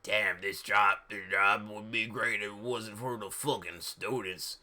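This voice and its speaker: A man's voice: lowish voice, steady tone, unhurried, bright, forceful tone, voice pushed down. A man voicing a grumpy, sour male school caretaker. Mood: grumbling.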